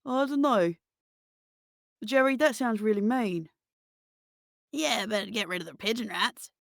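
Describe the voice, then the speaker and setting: A woman's voice: a little high, a little slow, creaky, no room sound, studio quality, pitched above the performer's own voice. A woman voicing rowdy male thugs in an alley, blokey and chatty. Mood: bantering. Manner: blokey, says mate.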